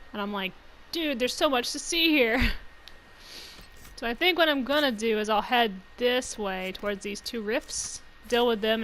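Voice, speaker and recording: A woman's voice: medium pitch, fairly bright tone, a little hiss or hum, rough recording. A woman hosting a let's-play video, chatting to her viewers as she plays, joking and laughing often. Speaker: gaming channel host.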